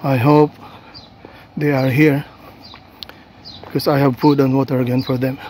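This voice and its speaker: A man filming a casual vlog outdoors on a seafront, talking gently and coaxingly to stray cats while narrating on a handheld phone. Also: mid-range voice, level tone, normal speed, slight background noise. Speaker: vlogger feeding stray cats.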